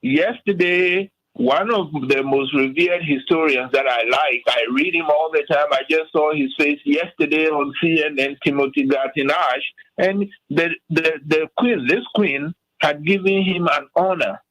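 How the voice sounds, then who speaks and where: A man's voice: fairly high pitch, a little slow, a bit bright, no echo, low-quality recording. An older man from Africa, a guest on a talk radio show, speaking in a fired-up way with frequent restarts and "okay?" asides. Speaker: guest commentator.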